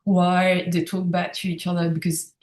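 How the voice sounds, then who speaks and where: A French woman, native in French, shares stories as a guest at a moderate pace in a lowish voice. The talk is casual and conversational, and she comes across as animated, reflective and often laughing, with a roomy echo around her.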